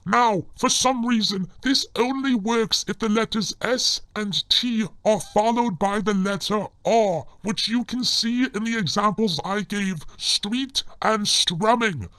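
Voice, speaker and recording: A man giving scripted comedic narration in a formal, deadpan manner. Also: sits high, slow pace, hardly any pauses, dry recording.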